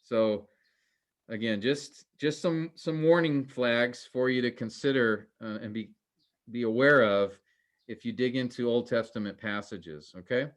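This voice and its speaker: Man teaching a relaxed class. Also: mid-range voice, unhurried. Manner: relaxed and conversational, with frequent fillers and restarts; earnest, cautionary. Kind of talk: informal class lecture.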